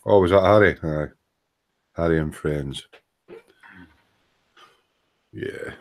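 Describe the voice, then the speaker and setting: A man's voice: low voice, steady tone, unhurried, pauses often. A Scottish man hosting a casual live stream at his model-making bench, bantering and swearing while he sands. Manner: banter, swearing, dry jokes while sanding. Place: hobby workbench indoors.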